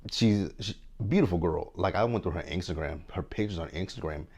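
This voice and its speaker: Deep-voiced man giving a chatty TV recap. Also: a little fast, darkish tone, slightly rough. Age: 30s. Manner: chatty, frank, keeps asking "right?". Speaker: TV show reviewer. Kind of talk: casual recap commentary.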